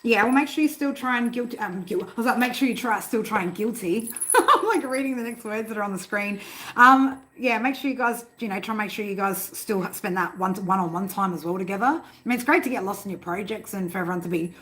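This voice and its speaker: A woman's voice: mid-range voice, fast talker, fairly bright tone. A woman hosting a live tarot stream from home, chatty and easygoing, swearing freely and laughing often. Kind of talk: casual live-stream chat. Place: home room.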